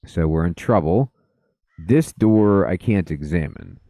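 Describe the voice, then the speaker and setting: Let's play host, man, slow musing commentary, mellow tone. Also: deep voice, lively intonation, no echo. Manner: musing, thinking aloud. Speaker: gaming video host.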